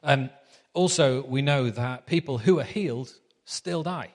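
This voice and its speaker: A man's voice: mid-range voice, measured pace, in a large hall. A man preaching a sermon in a chatty, anecdotal storytelling manner.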